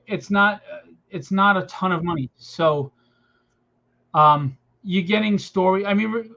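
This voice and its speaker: Guy hosting a live stream, kinda high voice, chatty and upbeat, muffled lo-fi audio. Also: fairly bright tone. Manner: chatty, encouraging, loose. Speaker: livestream host. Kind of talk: casual promotional chat.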